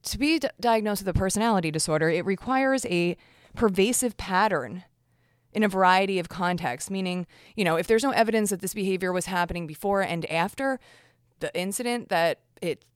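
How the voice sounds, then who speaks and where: A woman's voice: medium pitch, a little fast, dry recording, studio quality. A woman hosting a casual commentary podcast, talking frankly and chattily with lots of fillers and restarts. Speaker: podcast host.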